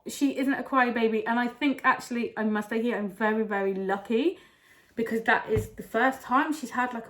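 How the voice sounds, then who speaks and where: Candid, chatty woman vlogging. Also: fairly high pitch. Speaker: vlogger and mother. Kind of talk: casual vlog talk to camera.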